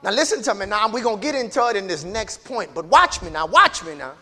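A male preacher, his voice high and bright. He moves from quiet, low asides to shouted peaks. Along the way he acts out scripture dialogue in different voices. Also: very animated, fast. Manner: acts out dialogue between God and Hosea in character. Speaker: pastor. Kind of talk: sermon.

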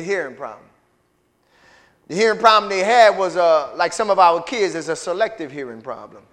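A high-pitched male preacher, working a congregation with call-and-response. His voice rises from hushed lines to loud, ringing ones. The sound carries a long hall reverb. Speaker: pastor. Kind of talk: sermon. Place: large church sanctuary with reverb.

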